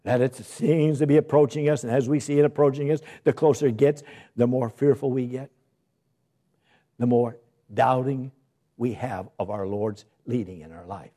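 A man's voice: mid-range voice, moderate pace, mellow. A male pastor preaching a sermon with emphatic delivery and many rhetorical questions.

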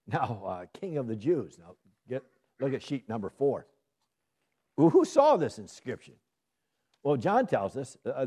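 A man's voice: medium pitch, sing-song, a little slow, pauses often, mellow, breathy edge. A man teaching a Bible study sermon. He asks his listeners questions and answers them himself, and his delivery climbs into emphatic bursts.

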